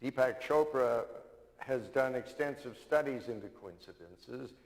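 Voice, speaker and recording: A man's voice: mid-range voice, measured pace, big-room sound, poor audio. A man giving an earnest, uplifting sermon as minister. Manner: tells a joke with put-on Irish voices. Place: church sanctuary.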